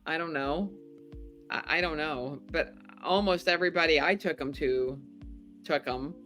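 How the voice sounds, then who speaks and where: Chatty low-voiced woman telling a story. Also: unhurried, faint music behind. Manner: chatty, animated, laughs often. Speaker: podcast guest, former game show contestant. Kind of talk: casual storytelling interview.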